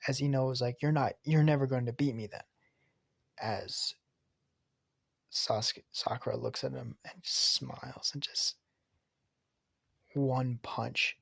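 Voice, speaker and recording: Rambling gravelly man retelling fan fiction. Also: medium pitch, unhurried, long pauses, no echo, studio quality. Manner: rambling, excitable, swears, many restarts and fillers. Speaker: storyteller.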